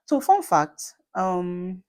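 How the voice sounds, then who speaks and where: A woman's voice: lowish voice, sing-song, extremely slow, a little mellow. A woman in her late thirties with a Nigerian accent, talking to camera in a chatty, emphatic way with repeats and asides. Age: late 30s. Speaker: vlogger and mother. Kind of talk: casual talk to camera.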